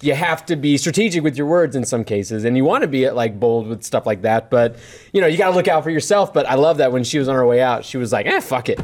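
A man co-hosting a casual podcast, joking and rambling with lots of halting restarts. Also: mid-range voice, expressive, a little mellow. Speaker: podcast co-host. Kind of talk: casual chat.

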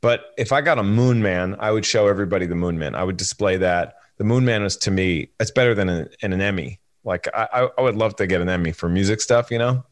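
A man's voice: lowish voice, fast talker, few pauses. A man co-hosting a podcast in casual chat, rambling and stumbling over repeated words. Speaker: podcast co-host.

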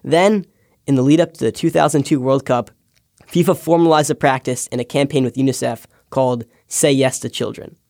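A man's voice: medium pitch, fairly quick, vocal fry, a little mellow, no room sound, clean studio sound. Young man reading a wry essay. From United States. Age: young adult. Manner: wry, storytelling read. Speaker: podcast intern. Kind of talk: scripted personal essay.

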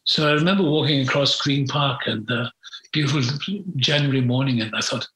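An older British man reminisces as a guest in an interview, frank and rambling, with plenty of fillers. His medium-pitched voice is brisk and slightly bright, and the recording has a roomy echo.

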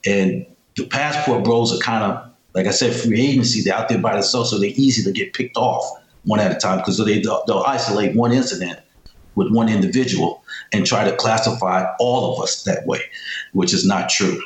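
A man's voice: lowish voice, moderate pace, roomy sound, low-quality recording. A man telling stories as a guest in a casual interview, emphatic and repeating himself as he talks.

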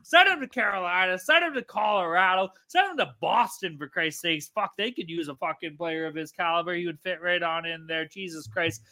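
A man co-hosting a hockey betting podcast, ranting loudly with constant profanity and brash trash talk. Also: high voice, a little fast, few pauses. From Canada. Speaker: podcast co-host. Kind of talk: profane sports betting rant.

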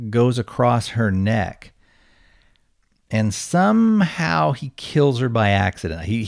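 A man's voice: medium pitch, darkish tone. A male podcast host casually recapping a film's plot, rambling and leaning on fillers. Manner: rambling, heavy on fillers and hedging words. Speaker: podcast host reviewing a film.

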